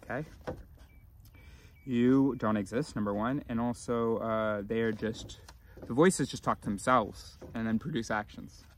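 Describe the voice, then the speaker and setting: A man vlogging in a rambling, philosophical monologue, often restarting his sentences and swinging between loud and mumbled. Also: medium pitch, measured pace, a little hiss or hum. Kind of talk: casual rambling monologue to camera.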